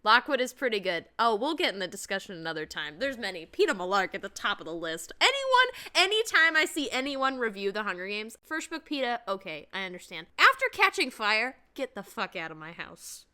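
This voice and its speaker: A woman's voice: mid-range voice, very animated, a little fast, few pauses, sharp tone. A woman co-hosting a book podcast, chatting casually and animatedly, gushing and swearing as she goes. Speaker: podcast co-host.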